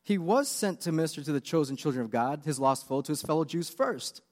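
A man's voice: fairly high pitch, lively intonation, brisk, in a large hall. A man preaching a sermon with earnest, confessional questions. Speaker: pastor.

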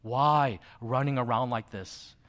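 A man's voice: medium pitch, slow. Middle-aged man preaching a personal story. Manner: personal storytelling, conversational with soft asides. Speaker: pastor. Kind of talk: sermon.

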